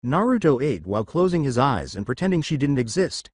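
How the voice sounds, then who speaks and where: A man's voice: mid-range voice, sing-song, brisk, darkish tone, slightly rough, no echo, clean studio sound. A man reading fan fiction aloud as narrator.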